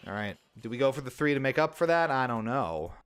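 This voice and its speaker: While livestreaming a sports video game, a man delivers fast, exasperated, animated play-by-play, with frustrated outbursts whenever his teammates miss easy shots. His voice is medium-pitched, with faint music in the background.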